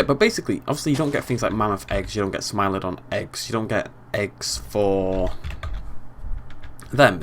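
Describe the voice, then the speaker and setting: A man's voice: lowish voice, fairly bright tone, slight background noise. A young British man giving casual, chatty let's play commentary, playfully talking to the game animals.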